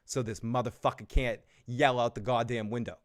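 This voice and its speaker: A man's voice: mid-range voice, steady tone, moderate pace. A man hosting a live recap stream, rambling and swearing casually with frequent restarts. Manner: rambling, profane, restarts often. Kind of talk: casual live review chat.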